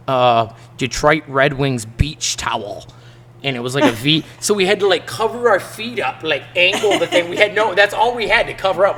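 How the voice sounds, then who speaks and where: A man's voice: mid-range voice, slight background noise. A man, a musician guest on a podcast, telling stories casually and acting out the people in them. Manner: animated, laughs often, acts out the people in his stories. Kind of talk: casual storytelling in a podcast interview.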